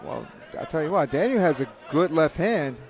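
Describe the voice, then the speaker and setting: A man's voice: on the high side, lively intonation, moderate pace, creaky, a little mellow. A man commentating live boxing fights, rambling and joking, often repeating himself. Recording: crowd noise at a live event.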